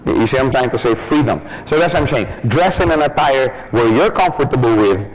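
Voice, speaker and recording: A man's voice: mid-range voice, expressive, brisk, rough recording. A man giving a business training seminar in a chatty manner, often laughing and acting out examples.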